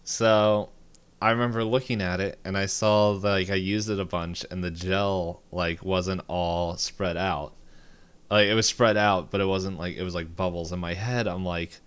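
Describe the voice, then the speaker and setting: Man co-host, very low smooth voice, loose rambling delivery. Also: steady tone, a little slow, a bit bright. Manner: rambling anecdote-telling with many fillers. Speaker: podcast co-host. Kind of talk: casual chat.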